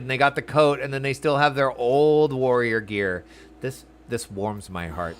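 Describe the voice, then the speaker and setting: A man casually commentating his game session, chatty and excitable, often reading the on-screen text aloud. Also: mid-range voice, moderate pace. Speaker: game streamer. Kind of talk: let's-play commentary.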